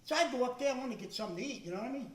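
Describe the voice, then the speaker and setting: A stand-up comedian, a man in his fifties, telling chatty, self-mocking stories with quick asides and putting on little voices. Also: very high-pitched, animated. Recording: echoey stage sound from a distance.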